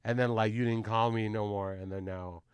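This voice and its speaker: A man's voice: on the low side, fairly even intonation, moderate pace, clean tone, no room sound. A man hosting a casual podcast, joking around and swearing in loose banter. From United States. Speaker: podcast host.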